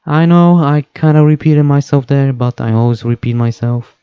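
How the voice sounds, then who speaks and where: A man's voice: mid-range voice, normal speed, clean tone, no room sound, lo-fi sound. A young man talking over game footage, hesitant, with many fillers and self-corrections. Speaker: gaming video host.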